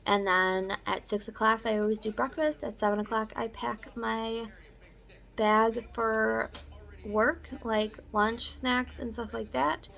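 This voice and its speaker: A woman's voice: fairly high pitch, fairly even intonation, slow pace, vocal fry, fairly bright tone. A young woman chatting casually in a personal vlog update, rambling with filler words. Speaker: vlogger.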